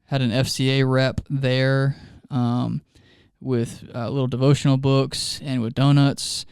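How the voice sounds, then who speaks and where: Man, youth ministry co-host, casual podcast chat, smooth clear voice, dry close mic, laughs through his stories. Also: mid-range voice, flat delivery, measured pace, a little mellow, no room sound. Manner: chatty storyteller, laughs often mid-sentence.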